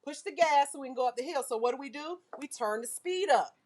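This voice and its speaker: A woman teaching a nail class, lively and full of questions to her students. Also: sits high, quick pace. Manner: lively, asks the class questions, uses car comparisons. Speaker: nail instructor. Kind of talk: classroom lecture.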